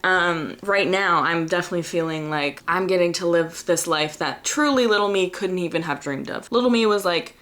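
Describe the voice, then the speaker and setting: Young woman, home vlogger, lower pitch, earnest and chatty. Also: normal speed, few pauses, a bit bright. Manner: chatty, earnest, laughs often. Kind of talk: casual reflective vlog talk. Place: home by an open window.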